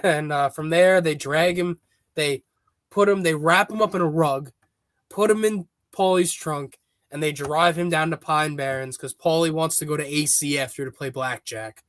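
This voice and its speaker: Brief: male podcast host, casual rambling storyteller, slightly high pitch. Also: moderate pace, a bit bright, dry recording. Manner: rambling storyteller, many fillers and restarts. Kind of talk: casual chat.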